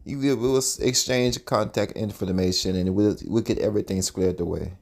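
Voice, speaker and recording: A man voicing a huge, menacing Russian mafia man who talks with calm, unbothered courtesy. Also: on the low side, normal speed, vocal fry.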